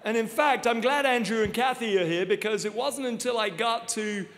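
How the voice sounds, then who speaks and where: A man in his fifties preaching a sermon full of funny personal stories, animated and self-deprecating, laughing often. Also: extremely high pitch, moderate pace. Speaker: guest preacher. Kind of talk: humorous storytelling sermon. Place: large church auditorium. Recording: long reverb of a large hall.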